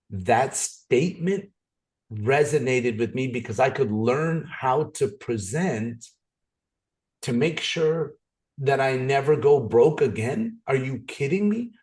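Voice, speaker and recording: Playful, energetic man leading a training. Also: medium pitch. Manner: energetic, playful storytelling with many restarts. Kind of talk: motivational training talk. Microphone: video call.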